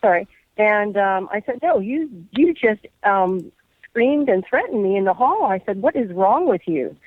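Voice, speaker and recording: A woman's voice: medium pitch, expressive, unhurried, no echo, narrow, tinny audio. A woman guest on a radio interview, earnestly telling a long personal story and quoting what people said. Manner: earnest, recounts dialogue at length. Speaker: guest, whistleblower.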